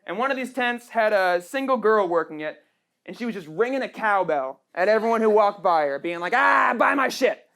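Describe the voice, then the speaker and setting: A woman's voice: mid-range voice, animated, a little fast. A young trans woman doing a sarcastic, punchy stand-up comedy set on a small club stage. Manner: brash, sarcastic, punchy delivery with frequent "right?" tags. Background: audience laughter.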